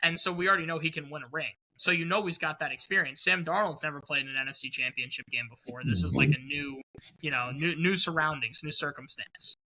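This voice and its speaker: A man in casual sports podcast chat, talking in a chatty way and often stumbling over the start of a thought. His voice is very bright and sits fairly high for a man. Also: fast talker, rough recording. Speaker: podcast co-host.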